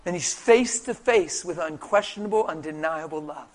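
A man preaching a sermon in an impassioned, storytelling way, swinging between hushed and booming delivery. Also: normal speed. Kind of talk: testimony-style sermon storytelling.

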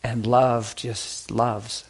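A man preaching a sermon, telling stories in an animated way that swings from hushed to loud. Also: mid-range voice, very slow, breathy edge. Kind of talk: sermon storytelling.

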